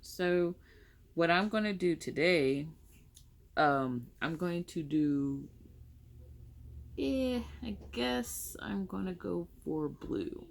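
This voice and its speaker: A woman's voice: fairly low pitch, animated, slow, vocal fry, long pauses, slight background noise. A young woman chatting casually through her makeup tutorial, rambling and correcting herself as she goes. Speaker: makeup vlogger.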